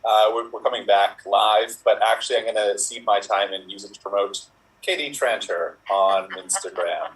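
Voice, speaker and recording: A man's voice: lowish voice, moderate pace, a bit bright, far from the mic, low-quality recording. A man improv performer who talks in a casual, jokey way. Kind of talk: improv game play.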